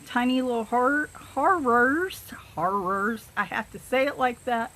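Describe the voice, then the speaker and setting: A woman's voice: on the high side, fairly even intonation, normal speed, slight background noise. A woman with a Southern accent chatting casually and rambling a bit as she shows her coloring books, with plenty of fillers and self-deprecating jokes. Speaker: coloring book channel host. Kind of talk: casual chat showing books.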